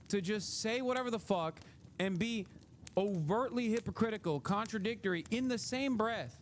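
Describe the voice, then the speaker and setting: A man's voice: high voice, lively intonation, moderate pace, slight background noise. A man hosting a livestream, giving casual commentary in a heated, profane rant, often laughing. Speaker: livestream host.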